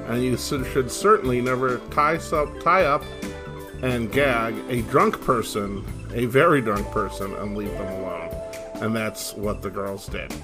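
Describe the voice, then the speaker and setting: A man's voice: mid-range voice, measured pace. A middle-aged man giving a casual, self-deprecating introduction as host, with easy fillers. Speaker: podcast host. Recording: voice over guitar music. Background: guitar music.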